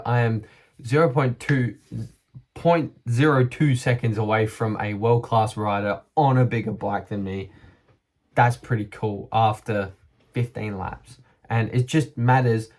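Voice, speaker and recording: Upbeat man with a lowish voice. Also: unhurried. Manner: upbeat and earnest, chuckles often, thinks aloud. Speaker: vlogger. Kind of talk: casual motivational talk to camera.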